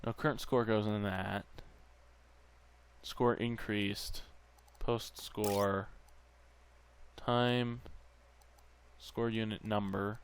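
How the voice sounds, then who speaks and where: Slow, smooth-voiced man muttering over gameplay. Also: on the low side. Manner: muttering to himself, then bursts of excited goofy nonsense babble. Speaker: gameplay channel host. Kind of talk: casual gameplay commentary.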